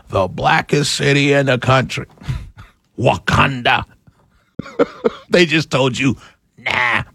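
A man's voice: fairly high pitch, fairly bright tone, husky, no room sound. A male talk show host giving a political commentary monologue, laughing often and slipping into a mock-preacher cadence.

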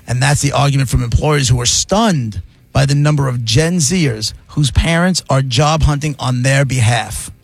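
Middle-aged male radio host, gravelly voice, animated banter. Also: medium pitch, normal speed, dry recording. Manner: animated, reads headlines aloud and riffs. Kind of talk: casual radio talk.

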